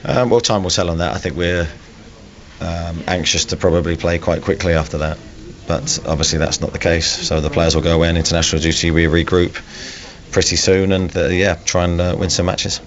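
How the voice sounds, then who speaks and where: A football manager giving a measured post-match radio interview, pausing often on ums, on a lo-fi broadcast. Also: male voice, low-pitched, flat delivery. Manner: measured, hesitant with frequent ums.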